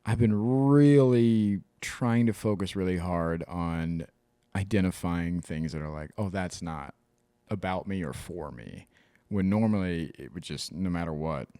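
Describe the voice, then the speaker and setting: A man's voice: low voice, measured pace, warm tone, smooth, no echo. A man co-hosting a podcast in casual chat, telling stories animatedly, mimicking other people and swearing freely. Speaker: podcast co-host.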